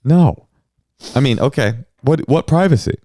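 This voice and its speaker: A man's voice: medium pitch, a little slow, no room sound, studio quality. A middle-aged man co-hosting a comedy podcast, telling stories animatedly and acting out the people he quotes. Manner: animated storyteller, acts out quotes. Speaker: podcast co-host. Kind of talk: casual comedic chat.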